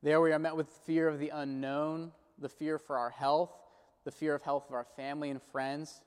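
A man preaching a sermon in a measured, earnest way, slowing down when he quotes prayers and scripture. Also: on the high side, little pitch movement, smooth. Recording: long hall reverb.

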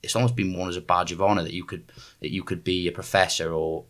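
A young man hosting a casual political chat, animated and full of excited restarts. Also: sits low, quick pace. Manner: animated, stumbling restarts when fired up.

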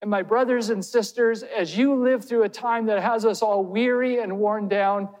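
A man's voice: high-pitched, fairly even intonation, moderate pace, a little mellow. A man preaching a sermon as pastor. He speaks earnestly and puts direct questions to his listeners. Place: church hall. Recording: long hall reverb.

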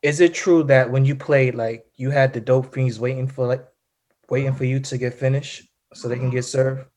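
Flat-voiced male interviewer. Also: medium pitch. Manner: halting questions with fillers. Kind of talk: casual interview.

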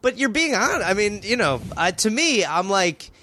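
A comedian guest on a podcast, chiming in with quick reactions and musing asides. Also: male voice, sits high, very animated, pushed and bright. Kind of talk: casual comedy podcast chat.

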